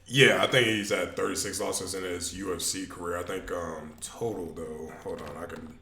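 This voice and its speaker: A man co-hosts a sports podcast in a laid-back, hesitant manner, with frequent fillers. His voice is very low, with a bright, forceful edge. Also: steady tone, moderate pace, gravelly, slight background noise. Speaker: podcast co-host. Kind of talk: casual sports chat.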